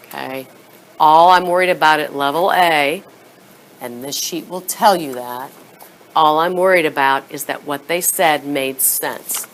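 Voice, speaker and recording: A woman with a notably low voice leads a reading workshop for teachers. She talks them through classroom steps and acts out her prompts, sometimes slipping into a soft whisper. A faint hum of room noise sits behind her. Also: a little slow. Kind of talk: teacher training talk.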